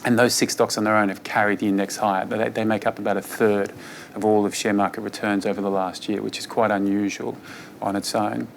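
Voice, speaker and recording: A fund manager, a man, giving an investor presentation on markets in a relaxed, conversational way with frequent fillers. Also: lowish voice, brisk, vocal fry, slight background noise.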